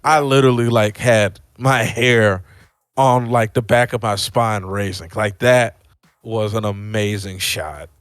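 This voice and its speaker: Excitable man co-hosting a movie podcast. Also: on the low side, unhurried, clean tone, dry recording, clean studio sound. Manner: excitable, animated storytelling. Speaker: podcast co-host. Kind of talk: casual movie review chat.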